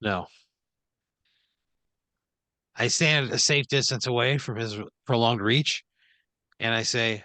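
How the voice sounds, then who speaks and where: A man on a podcast, playing himself in an improvised scene with blunt, deadpan replies. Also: mid-range voice, takes it slowly, pauses often, no room sound. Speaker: podcast co-host. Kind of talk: improvised role-play answers.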